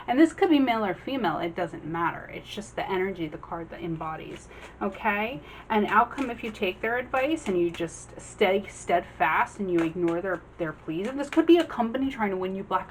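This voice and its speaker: A woman giving a casual general tarot reading, chatty, acting out the figures on the cards in quick quoted voices. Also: mid-range voice, animated, a little hiss or hum, rough recording. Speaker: tarot reader.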